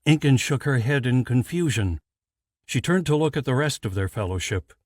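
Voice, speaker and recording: A man narrating a fantasy audiobook in a measured, deliberate scripted read. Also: mid-range voice, expressive, dry recording, clean studio sound.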